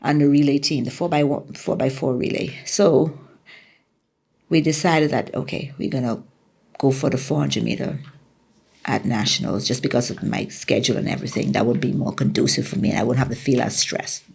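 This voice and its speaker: A woman's voice: a bass voice, fairly even intonation, brisk, vocal fry, a little mellow, slightly rough. A middle-aged woman from the Bahamas with a Bahamian accent, a former track athlete telling her story in an interview, acting out quotes animatedly.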